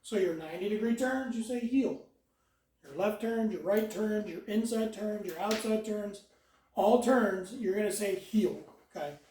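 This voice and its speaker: A dog trainer giving calm instructions while walking a dog, mixing explanations with short praise and commands. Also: medium pitch, measured pace, slight background noise. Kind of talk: hands-on dog training lesson. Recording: roomy sound, mic far off.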